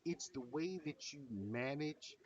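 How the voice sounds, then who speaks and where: A man's voice: a little high, expressive, measured pace, distant mic, muffled recording, crowd noise. A man streaming a reaction video, bluntly lecturing and swearing as he picks apart what he watches. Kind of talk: profane reaction commentary.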